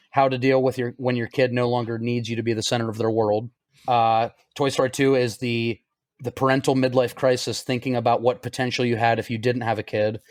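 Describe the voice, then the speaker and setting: Laughing, lively podcast man. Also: mid-range voice, no room sound, clean studio sound. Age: 30s. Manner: laughs often, animated retelling of scenes. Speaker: podcast co-host. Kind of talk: casual chat.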